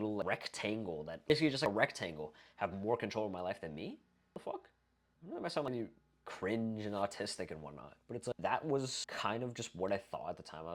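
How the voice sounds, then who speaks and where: A young man giving a blunt, profane, casual self-improvement talk, full of fillers and rhetorical questions. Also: sits low. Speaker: self-improvement video creator. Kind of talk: casual monologue to camera.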